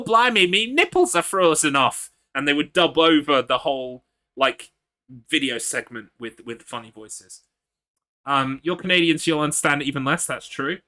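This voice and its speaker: Guy streaming a game, bright tense voice, swears casually, reads chat. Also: mid-range voice. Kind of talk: casual gameplay commentary.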